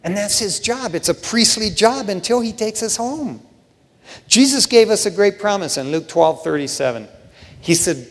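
A man preaching a sermon in a casual, joking way, often saying "man", swinging between hushed asides and loud bursts. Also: high-pitched, animated, normal speed, vocal fry. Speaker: pastor. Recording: long hall reverb.

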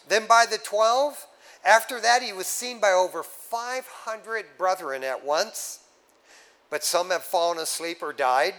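A male pastor preaching a sermon in a casual, conversational way, often calling listeners "man" and swinging from loud exhortation down to low, hushed tones. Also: low-quality recording.

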